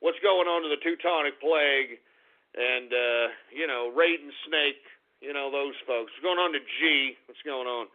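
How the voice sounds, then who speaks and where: A man hosting an internet radio talk show, ranting with profanity and sudden angry shouting bursts. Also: medium pitch, measured pace. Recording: tinny lo-fi phone-like audio.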